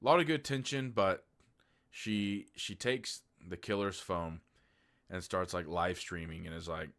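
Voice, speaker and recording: A man's voice: low-pitched, unhurried, fairly bright tone. A man giving a casual, rambling movie review, candid and loose, with lots of filler words and the odd swear.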